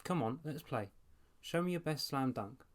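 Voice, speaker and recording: A man's voice: fairly high pitch, lively intonation, moderate pace, voice pushed up, lightly acted. Man doing a mocking kid brother. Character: teasing mean-spirited boy.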